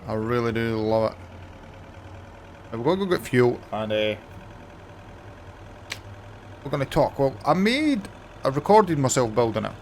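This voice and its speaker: A young Scottish man hosting his own gaming channel, chatting excitedly as he plays. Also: mid-range voice, unhurried, long pauses, a little hiss or hum. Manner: excitable, enthusiastic. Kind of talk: casual gameplay commentary.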